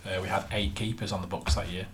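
A man's voice: low-pitched, level tone, fast, slight background noise. A man co-hosting a casual football podcast, chatting and reeling off lists of names with plenty of fillers. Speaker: podcast co-host.

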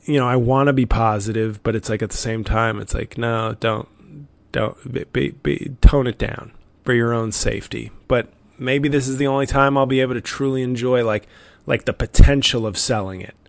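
Man, comedian, solo podcast monologue, weary, wry, self-deprecating, mid-pitched, dry sound. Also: creaky, no echo.

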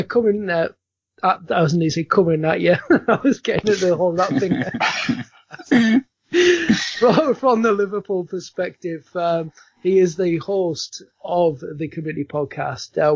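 Aussie guy hosting a podcast, high voice, jokey and chatty, dull dry sound. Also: measured pace, vocal fry, no echo. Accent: Australian. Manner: jokey, chatty, laughs often. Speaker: podcast host. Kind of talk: casual chat.

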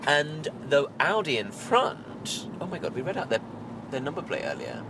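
A man's voice: a little high, very animated, moderate pace. Dry, sardonic man riding in a car. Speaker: podcast co-host. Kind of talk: casual chat. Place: passenger seat of a moving car. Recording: car road noise.

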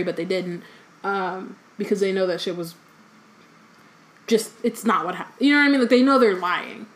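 A young woman hosting a podcast, talking casually with lots of fillers and some swearing. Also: medium pitch. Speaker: podcast host. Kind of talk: casual chat and book reading.

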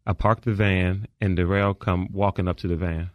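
Male trial witness, very low pitch, terse and deferential, dry recording. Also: steady tone, moderate pace, dry recording. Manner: terse, deferential "yes, ma'am" answers. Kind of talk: courtroom testimony.

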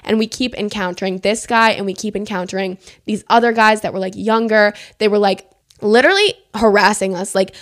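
A woman's voice: mid-range voice, a little fast. Chatty young woman, lots of "like". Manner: chatty, heavy on "like", swears freely; emphatic, indignant retelling. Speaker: storyteller vlogger. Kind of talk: casual storytime monologue. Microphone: camera mic.

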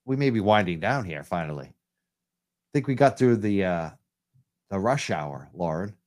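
A man's voice: sits low, animated, unhurried, darkish tone. A man hosting a live call-in radio show, talking enthusiastically and rambling through restarts.

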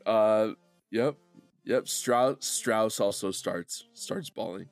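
A man's voice: lowish voice, slow, no echo, soft background music. A young man narrating as game master of a tabletop game, telling the story with laughter.

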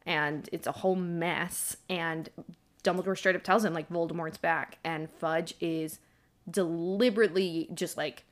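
A woman's voice: lowish voice, fairly even intonation, measured pace. A young woman co-hosting a podcast, chatting casually about a book, full of "like"s and laughing as she retells scenes. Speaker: podcast co-host.

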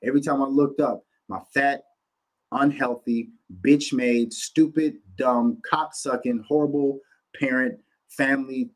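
A man hosting a podcast from his home office, ranting bluntly and profanely in a casual, animated way. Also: medium pitch, a little slow, poor audio. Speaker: podcast host. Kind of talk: casual rant to camera.

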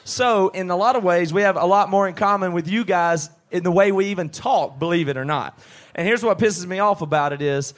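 On a pub stage with a handheld mic, a Southern-accented co-host from the southeastern United States launches into an animated, ranting comic riff during live podcast banter for a crowd. His voice is high-pitched and his delivery brisk.

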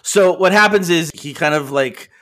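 A man's voice: fairly high pitch, moderate pace, bright, forceful tone. A man narrating as game master in a tabletop role-playing game, easygoing and laughing often.

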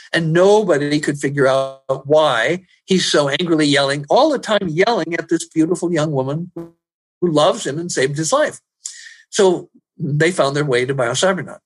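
A man who works as a personal growth trainer, telling stories in an interview, animated and rising loud at the dramatic moments. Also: fairly high pitch, breathy edge. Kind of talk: storytelling in an interview.

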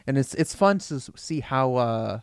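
A young man in casual chat, quick and rambling, often correcting himself. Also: mid-range voice, lively intonation, vocal fry, clean tone, no room sound, clean studio sound.

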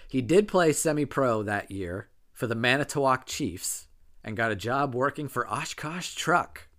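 A man's voice: mid-range voice, expressive, measured pace, fairly bright tone. Matter-of-fact man reading case notes. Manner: dry, matter-of-fact, chuckles often. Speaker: podcast co-host and narrator of the case.

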